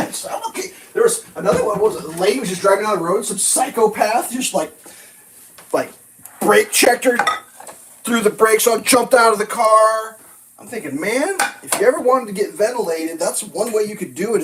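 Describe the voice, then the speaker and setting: He's a vlogger cooking pancakes on a griddle at home, rambling through loose, foul-mouthed stories in an animated, casual way. His voice sits high, his speed is normal, and the poor recording has a little hiss or hum.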